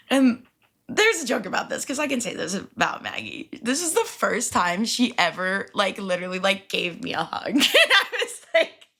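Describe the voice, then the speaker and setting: A young adult woman hosts her own podcast, chatting through a personal story. Her voice is bright and forceful, and her pitch jumps all over. She sounds animated and swears freely. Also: moderate pace. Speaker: podcast host. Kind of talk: casual storytelling.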